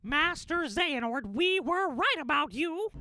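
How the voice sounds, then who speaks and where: A man voicing an upbeat male cartoon mouse in a high, earnest falsetto full of exclamations. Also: lively intonation, measured pace, pushed and bright, dry recording, clean studio sound, heavily acted. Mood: intense.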